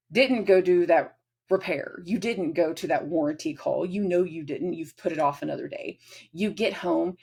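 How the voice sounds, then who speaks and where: Gravelly, husky woman talking astrology. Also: on the low side, a little mellow. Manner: rambling, acts out little scenes in quick voices. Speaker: astrology host. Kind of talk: casual astrology forecast.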